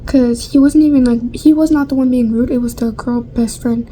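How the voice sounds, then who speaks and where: A woman's voice: fairly high pitch, steady tone, moderate pace, dark tone, slight background noise, low-quality recording. A young woman vlogger chatting casually through a storytime while getting ready, rambling with lots of fillers and casual swearing.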